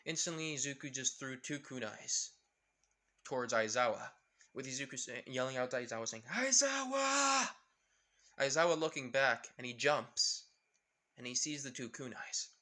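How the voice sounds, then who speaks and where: A man's voice: mid-range voice, normal speed, bright, forceful tone. Rambling young man telling a story. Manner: rambling, full of fillers and restarts. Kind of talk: casual improvised story retelling.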